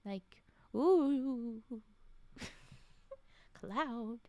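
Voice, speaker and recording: Speaking extremely slowly in a warm, expressive, slightly high voice, this woman streamer reads creepy tales in a casual broadcast. She keeps pausing to chat, laugh, whisper asides and reply to viewers, and the audio carries no room sound.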